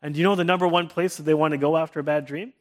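Man preaching, earnest, restarts phrases, slightly high voice, thirties. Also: steady tone, very fast. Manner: drops to a soft hush for comforting quotes. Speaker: pastor. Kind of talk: sermon.

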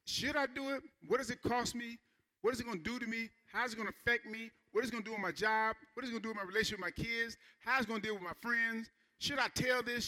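A man preaching a Sunday sermon, emphatic, repeating key phrases and asking the congregation questions. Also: high voice. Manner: animated preacher, slows down to stress key lines. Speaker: pastor.

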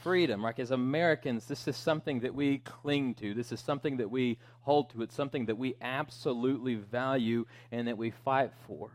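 A man's voice: medium pitch, brisk, few pauses. Conversational male pastor preaching. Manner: conversational, with joking asides and fillers. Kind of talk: sermon.

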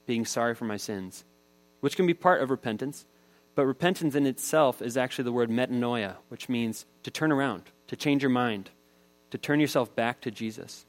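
A male pastor delivers a sermon in an easygoing, conversational voice of ordinary pitch. He moves between teaching and homely anecdotes, as if talking to friends from the pulpit. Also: moderate pace, low-quality recording. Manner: conversational, storytelling preaching.

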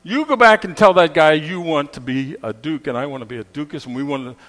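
A man voicing a greedy fisherman's wife who is never satisfied, loud and scornful, as he tells a story in a sermon. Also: extremely high pitch, animated, a little fast, pitched above the performer's own voice, exaggerated voice. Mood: shrill demanding.

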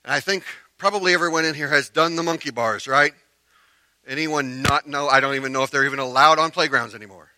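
A man preaching a sermon as pastor, telling a story with animated emphasis that drops to quiet earnestness. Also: a little high, quick pace.

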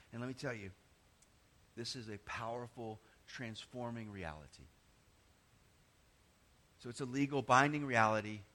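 A man preaching a sermon with passion, rising to emphatic cries and dropping to hushed, near-whispered lines, often repeating words as he restarts phrases. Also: medium pitch. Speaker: pastor.

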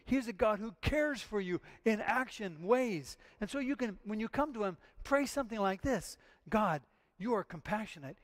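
Male pastor, higher-pitched voice, earnest emphatic sermon delivery with repeated phrases. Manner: earnest, emphatic preaching with repetitions.

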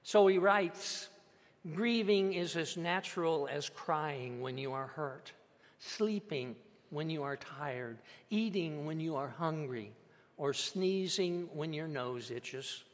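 A man preaching a sermon as a pastor, measured and emphatic, with dramatic pauses. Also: fairly high pitch, animated. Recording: long hall reverb.

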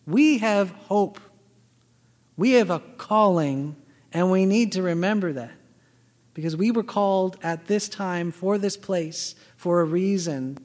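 A high-voiced male pastor delivers a sermon in a church sanctuary, telling personal stories and acting out both sides of conversations. His voice rings out with a long reverberant tail from the large hall. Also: a little slow, a little mellow. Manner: personal storytelling, acting out quoted dialogue.

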